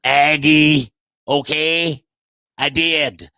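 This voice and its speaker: A man's voice: fairly high pitch, fairly even intonation, drawn-out words, bright, forceful tone, smooth, no room sound. A man who works as a comedian, talking sports casually in a brash, profane way and mocking his critics. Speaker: comedian and podcast guest.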